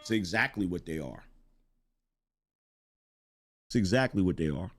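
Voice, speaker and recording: Middle-aged male stream host with a low-leaning voice, blunt, emphatic, repeats himself, profane. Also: animated, a little slow, soft background music. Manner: blunt, emphatic, repeats lines for effect, swears. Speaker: commentary show host. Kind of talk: live-stream commentary, reading viewer chat.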